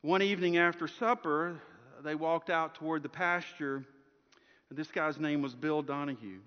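Pastor preaching, echoing through a dull hall. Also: male voice, on the high side, moderate pace, clean tone. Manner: storytelling, swinging from strong projection to hushed softness. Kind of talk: sermon. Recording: long hall reverb, dull lo-fi sound.

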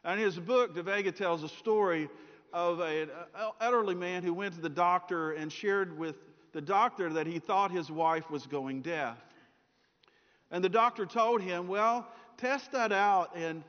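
A middle-aged preacher delivers a sermon in a fairly high voice. He tells stories and slips into the voices of the people in them. The sound is dull and hangs in a long hall reverb. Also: moderate pace. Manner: storytelling, acts out voices in anecdotes.

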